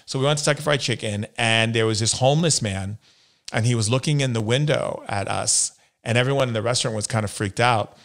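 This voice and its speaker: Low-voiced man telling stories. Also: fairly even intonation, brisk, fairly bright tone. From United States. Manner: earnest storyteller who acts out other people's words. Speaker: interview guest. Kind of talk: personal storytelling in a sit-down interview.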